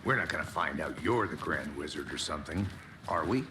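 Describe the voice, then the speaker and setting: A deadpan agent, super deep voice, dry jokes, noisy game audio. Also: male voice, fairly quick. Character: wry, dark-humored male federal agent partner.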